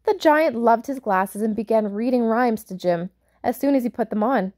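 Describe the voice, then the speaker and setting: A woman reading a picture book aloud for children, pausing to explain words and point out pictures. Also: on the high side. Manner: warm, explaining asides to young listeners. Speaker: storyteller.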